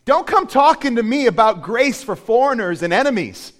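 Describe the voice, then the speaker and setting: A man preaching acts out an indignant male member of a hometown crowd, loudly shouting outraged questions. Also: very high voice, sing-song, normal speed, voice pushed up, heavily acted.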